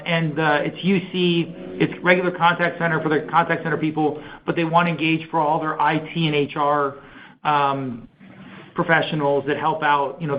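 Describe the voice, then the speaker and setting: A man's voice: fairly high pitch, dull audio, a little hiss or hum. A man, a company executive, answering analyst questions on an earnings call in an enthusiastic, conversational way with many fillers.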